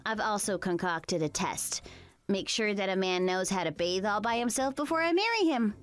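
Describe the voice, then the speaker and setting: A woman narrates a text-message story in a plain, matter-of-fact way. Her mid-pitched voice sounds synthetic. Soft music plays underneath. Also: lively intonation, normal speed.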